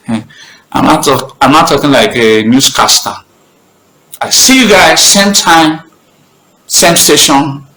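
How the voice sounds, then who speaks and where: A man's voice: medium pitch, pushed and bright, reverberant, rough recording. A middle-aged Nigerian man with an Edo accent, hosting a heated live talk show in an emphatic, impassioned way. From Nigeria, Benin. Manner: emphatic, impassioned, talks over himself. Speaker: host.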